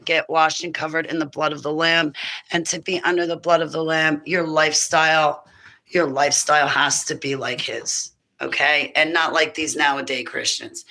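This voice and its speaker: A low-sitting, fairly bright voice belongs to a woman in her fifties who speaks about spiritual warfare. In a casual, rambling monologue on faith she breaks out laughing and preaches emphatically; the recording is low quality.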